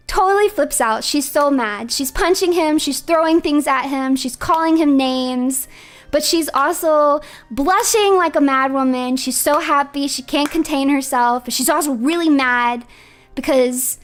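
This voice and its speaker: Female streamer, casual chat, high voice, playful, laughs a lot, faint background music. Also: a little slow. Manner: animated, playful, laughs often. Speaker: livestreamer.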